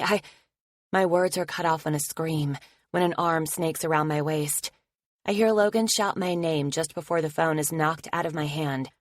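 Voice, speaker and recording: A woman narrates a first-person romance audiobook with tense, intimate storytelling. Her voice sits low in her range. It is recorded close on a studio mic with a dry sound. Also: no echo.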